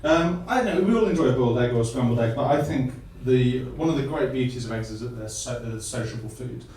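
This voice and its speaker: A man giving a light-hearted science talk on stage, self-deprecating and halting, full of restarts. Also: medium pitch, darkish tone, a little hiss or hum. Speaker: guest speaker. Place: live comedy venue. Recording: echoey hall from far off.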